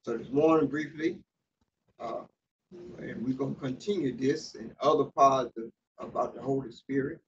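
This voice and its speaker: A man's voice: medium pitch, normal speed. A man preaching a sermon, reading scripture aloud and stopping often to explain it, with fillers and restarts. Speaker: pastor. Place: church sanctuary. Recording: distant mic, dull sound, faint hiss.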